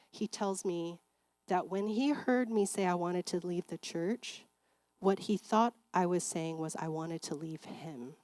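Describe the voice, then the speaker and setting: Woman speaker at a church seminar, lowish voice, chatty storytelling full of fillers, dry close sound. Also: darkish tone, dry recording. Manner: conversational, frequent filler words. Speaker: seminar speaker and clinical psychologist.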